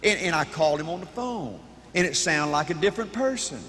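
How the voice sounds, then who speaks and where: A man giving an emphatic, repetitive motivational speech to a crowd in a large hall, with bursts of shouting. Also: on the high side, animated, fairly quick, background noise. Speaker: motivational speaker. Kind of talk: high-energy motivational speech.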